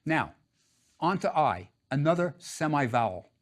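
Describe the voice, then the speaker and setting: A man's voice: on the high side, sing-song, a little slow. A man teaching a drawing lesson, patient and step by step, repeating each instruction.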